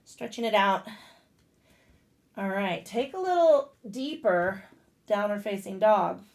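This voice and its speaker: A woman yoga instructor guiding a class out loud, casual and profane, breaking off into blunt joking rants. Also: medium pitch, expressive, slow. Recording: echoey room.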